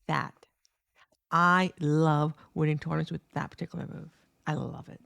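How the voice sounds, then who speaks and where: Bright-voiced woman, profane game commentary. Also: deep voice, normal speed, gravelly, dry recording. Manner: excitable, profane, talks to viewers. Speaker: competitive fighting game player. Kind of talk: commentary over her own match footage. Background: faint background music.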